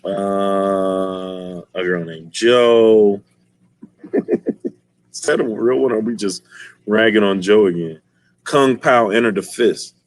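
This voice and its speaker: A man streaming and chatting casually with his viewers, telling stories in an animated way and laughing often. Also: fairly low pitch, slow pace, long pauses, dry recording. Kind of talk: casual chat.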